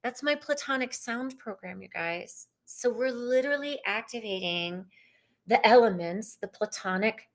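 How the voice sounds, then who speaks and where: A woman's voice: fairly high pitch, animated, unhurried. A woman giving tarot readings live, chatting casually with viewers in a bubbly, spiritual way. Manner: chatty, bubbly and spiritual, with frequent likes and ums. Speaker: tarot reader hosting a live stream. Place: living room at home.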